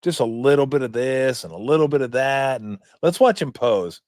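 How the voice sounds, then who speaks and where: A man's voice: medium pitch, animated, normal speed, darkish tone, no echo, studio quality. A man in his fifties hosting a sports talk show, commenting in a rambling, joking, profane way. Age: 50s.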